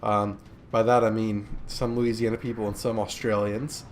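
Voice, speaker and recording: A man's voice: lowish voice, flat delivery, moderate pace, a little hiss or hum. A man casually commentating a warship game replay, joking and chatty with many fillers, sleepy from recording in the morning. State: sleepy, yawning. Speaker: gameplay commentator.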